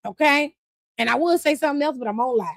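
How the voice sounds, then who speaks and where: High-voiced woman ranting on a live stream. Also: quick pace, creaky, no echo. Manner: animated, profane, laughing, reads chat aloud. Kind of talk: casual live-stream wrestling recap.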